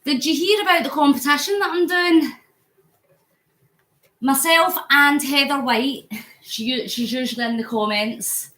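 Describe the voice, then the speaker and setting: This Scottish woman's voice sits high and has a sharp tone, and she speaks unhurriedly with long pauses, her words reverberating around the room. She's a vlogger on a home exercise bike, live-streaming a charity cycle by phone, casually chatting, reading comments aloud and getting sweaty.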